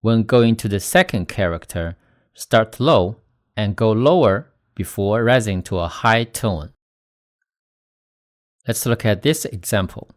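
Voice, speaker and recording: A man teaching Chinese pronunciation in a scripted lesson, slowly demonstrating tones with stressed example words. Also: lowish voice, lively intonation. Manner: slow, deliberate, demonstrating tones with stressed syllables.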